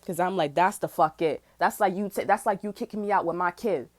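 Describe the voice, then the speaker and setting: A woman venting in a casual, heated rant, swearing freely and tossing "bro" into nearly every line. She slips into quick retold back-and-forth dialogue, her voice sitting at an ordinary middle pitch. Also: darkish tone. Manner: heated, profane, repeats "bro" often; acts out others' words in quick retold dialogue. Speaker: channel host.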